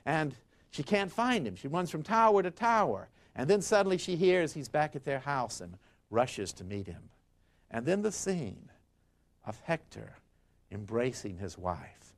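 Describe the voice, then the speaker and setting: Man, history lecturer, dramatic storytelling, expressive, lively swooping pitch. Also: a little slow. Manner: dramatic and expressive, acts out quotes.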